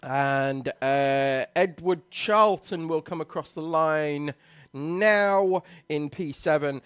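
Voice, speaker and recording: A man co-commentating on a live karting race, analysing the driving and rising to loud excitement at the finish line. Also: on the high side, slow pace, clean tone, no room sound, clean studio sound.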